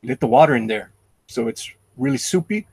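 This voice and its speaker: A man's voice: medium pitch, expressive, fairly quick, darkish tone, husky, no room sound. A middle-aged man chatting casually and rambling happily about home cooking. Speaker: live-stream artist. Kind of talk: casual chat.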